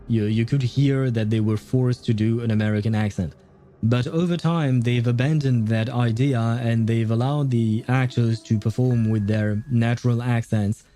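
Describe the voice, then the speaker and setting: A man's voice: mid-range voice, mellow. A man commenting on a game on a livestream, chatty and hesitant with frequent laughs. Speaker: livestream host. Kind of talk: gameplay commentary.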